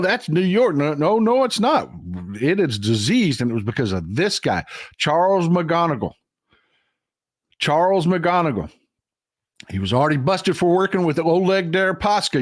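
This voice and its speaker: A man's voice: a little high, dry recording, studio quality. Blunt, profane older man on a livestream. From Texas. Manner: blunt, profane, reads viewer comments aloud. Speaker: livestream host. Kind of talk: casual livestream commentary.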